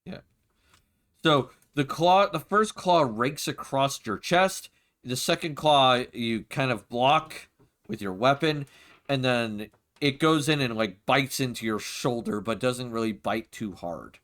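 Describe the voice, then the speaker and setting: A man running a tabletop role-playing game as game master, narrating attacks and rolls in a casual, unhurried way and swearing when flustered. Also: medium pitch, fairly bright tone.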